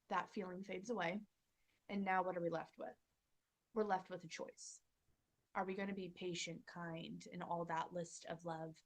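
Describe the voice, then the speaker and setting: A woman's voice: mid-range voice, moderate pace, fairly bright tone. A woman hosting a parenting channel, talking earnestly to camera in a casual motivational style and acting out her own inner dialogue.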